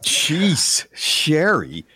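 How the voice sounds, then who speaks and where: A man's voice: on the high side, huge pitch swings, extremely slow, bright, forceful tone, low-quality recording. A middle-aged man co-hosting a morning radio show, dropping short reactions and opinions into his partner's story.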